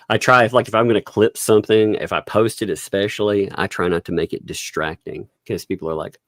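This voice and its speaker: A man's voice: deep voice, normal speed, vocal fry, no echo, studio quality. A man hosting a casual livestream commentary, chatty and laughing often as he talks. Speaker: livestream host.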